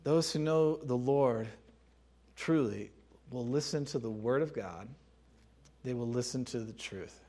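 A man preaching a sermon in a conversational, emphatic way, repeating key phrases and pausing to clear his throat. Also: medium pitch, warm tone. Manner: laughs and clears throat between points.

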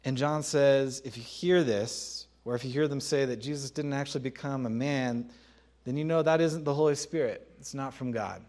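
A man preaching a sermon in a conversational, emphatic way, repeating key phrases and pausing to clear his throat. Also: medium pitch, darkish tone. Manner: laughs and clears throat between points.

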